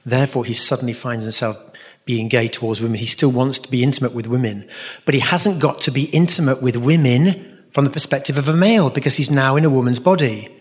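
A man answering audience questions as a Catholic speaker and musician, telling stories in an earnest, rambling way with many asides. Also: medium pitch. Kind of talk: storytelling talk with audience Q&A. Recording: reverberant hall.

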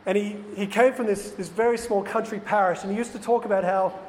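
A man's voice: sits high, steady tone, brisk, a little mellow. A man who is a priest, telling an earnest, confiding personal story to lay people. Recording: faint noise, long hall reverb.

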